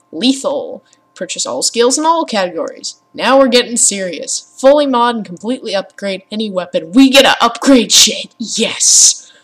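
A tired young woman rambling casually in a gaming vlog, swearing freely and reading achievement lists aloud. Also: medium pitch. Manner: chatty, swears a lot, reads achievements aloud. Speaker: gaming vlogger.

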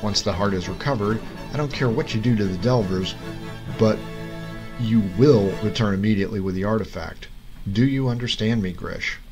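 A man voicing an angry, exasperated king who booms and scolds, with music behind. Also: normal speed, lightly acted, low-quality recording. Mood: stern. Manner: booming and scolding.

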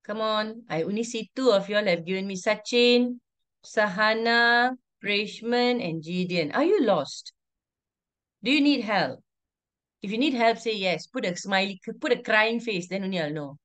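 A woman's voice: medium pitch, lively intonation, a little slow, a bit bright. A woman teacher, teaching an online class over a video call, firmly repeating instructions and calling on pupils by name. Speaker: primary school teacher.

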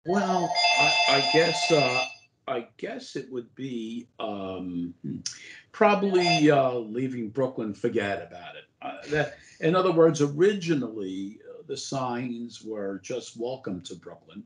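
An older man, once a borough president, spins long anecdotes, stumbling over his words and filling gaps with "uh". His voice sits at an ordinary pitch. The room around him adds a noticeable echo. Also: expressive, slow. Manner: rambling anecdotes full of "uh" and restarts. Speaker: former borough president, guest. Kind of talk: casual interview storytelling. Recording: roomy echo.

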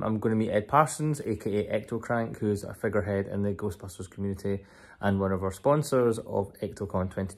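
A man's voice: lowish voice, a little mellow. A man talking casually to a handheld phone camera in a rambling, self-deprecating vlog, possibly from Scotland. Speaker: vlogger.

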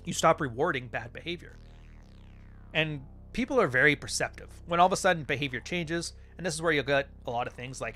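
Blunt, bright-voiced man telling stories. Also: a little high, fairly quick, faint music behind. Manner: blunt and profane, storytelling with acted-out quotes. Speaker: podcast host. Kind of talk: casual monologue.

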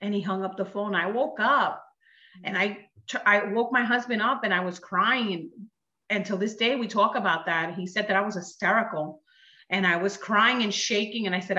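Bright-voiced woman sharing a faith testimony. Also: medium pitch, moderate pace. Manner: earnest storytelling, acting out quoted dialogue. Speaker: guest giving a testimony. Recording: dull roomy recording.

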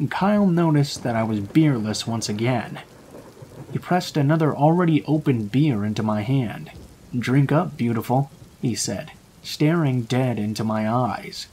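A man reading a true scary story aloud in a calm, measured storytelling voice. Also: medium pitch, a little hiss or hum. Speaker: narrator. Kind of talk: scripted horror story narration.

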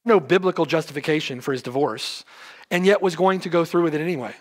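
A man with a high-pitched voice delivers an expository sermon. He presses his points with rhetorical questions and repeated phrases. The sound carries a long reverb from a church hall. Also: fast talker. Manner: emphatic preaching with rhetorical questions. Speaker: pastor. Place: church sanctuary.

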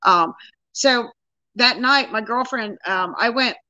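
Bright-voiced woman in her sixties telling her story. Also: fairly high pitch, takes it slowly, dry recording, low-quality recording. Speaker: guest recounting her own experience. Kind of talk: casual interview storytelling.

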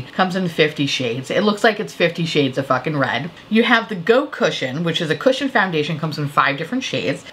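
A beauty vlogger with a deep voice rants about makeup releases and their prices, exasperated, profane, and animated. There's slight background noise in the recording.

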